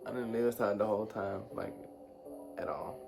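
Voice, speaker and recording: A man's voice: fairly low pitch, fairly even intonation, moderate pace, gravelly. A young man and new father joking in slangy tough-guy banter while chatting with his partner. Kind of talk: casual chat. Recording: background music under voice. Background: music.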